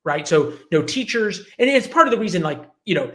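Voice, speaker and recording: A man's voice: high voice, very animated, fairly quick. A man in his forties, a journalist guest telling his life story in an interview, acting out the people he quotes. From United States. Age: 40s.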